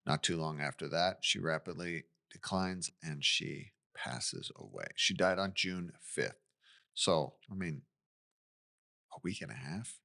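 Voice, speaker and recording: A man's voice: very deep voice, animated, a little slow, gravelly, bright, forceful tone. A man co-hosting a podcast, recounting a true-crime case in casual chat with asides and questions. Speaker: podcast co-host.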